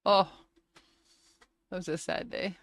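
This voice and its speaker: A woman's voice: fairly low pitch, fairly even intonation, takes it slowly. A woman streaming a flight game, chatting casually and telling stories with frequent laughter. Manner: chatty storytelling, laughs often, acts out quotes. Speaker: gaming streamer. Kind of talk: casual chat while playing a flight game.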